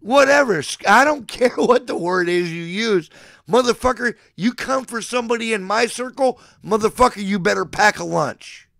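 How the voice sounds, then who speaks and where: A man's voice: high-pitched, moderate pace, gravelly, a bit bright, dry recording, studio quality. A man in his forties ranting at a live chat like a mock sermon, swinging between profane, boastful threats and declarations of affection. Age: 40s. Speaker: livestreamer addressing his chat.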